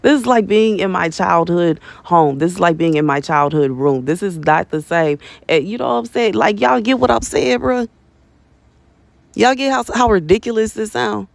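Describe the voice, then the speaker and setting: Gravelly, animated woman. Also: medium pitch, normal speed, dry recording. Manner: animated and slangy, laughing often, calls listeners baby and bruh. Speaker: prophetic message reader. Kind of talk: casual prophetic message video. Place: bedroom in her mother's house.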